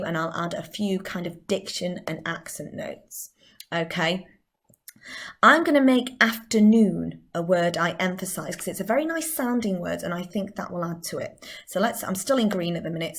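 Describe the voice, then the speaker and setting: A drama teacher with a Northern English accent and a lowish voice gives a chatty recorded lesson, explaining things step by step.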